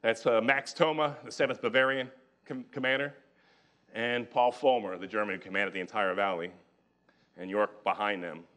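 A man's voice: lowish voice, normal speed. A man giving a storytelling history lecture in a lecture hall, acting out the quotes as he goes. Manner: animated storyteller who acts out quotes.

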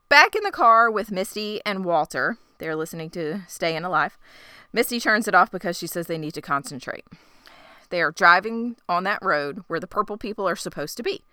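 Bright, crisp-voiced woman recapping a show. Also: fairly low pitch, no room sound, studio quality. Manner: animated retelling with laughter. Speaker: podcast co-host recapping a TV show. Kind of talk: casual chat recap.

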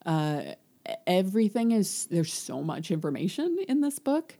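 A young woman co-hosts a casual book podcast, talking in a low, mellow voice. She rambles a little, fills pauses with ums and laughs easily as she chats. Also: sing-song. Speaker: podcast co-host.

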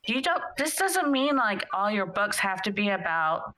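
A woman co-hosting a casual chat show, earnest and upbeat. Her voice is bright and forward, and her pitch sits in the middle. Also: very animated, moderate pace, rough recording. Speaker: podcast co-host.

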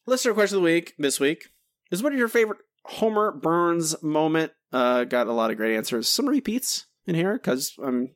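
A man hosting a podcast, reading listener answers aloud in a relaxed, chatty way with some self-corrections. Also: fairly high pitch, normal speed, no room sound, studio quality. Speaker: podcast host.

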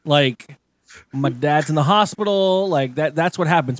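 A man co-hosting a podcast, telling stories in a loose, animated way, full of swearing and mock rants. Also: a little high, normal speed, no echo, studio quality. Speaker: podcast co-host. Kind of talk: casual chat.

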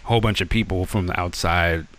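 Fairly low-voiced male interviewer. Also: fairly even intonation, fairly quick, fairly bright tone, no room sound. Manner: rambling questions with restarts. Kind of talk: interview questions.

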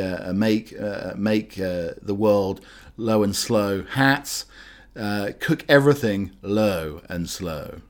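A man's voice: fairly low pitch, a little mellow. A man hosting radio, chatting and reading news items in a rambling, hesitant way with many fillers. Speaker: radio host.

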